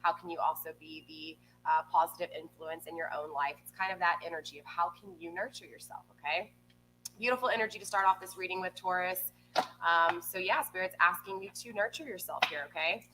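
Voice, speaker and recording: A woman's voice: lowish voice, brisk, pushed and bright, slight background noise, poor audio. A woman giving a live tarot reading in a chatty manner, often checking in with her viewers with "okay?". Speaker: tarot reader.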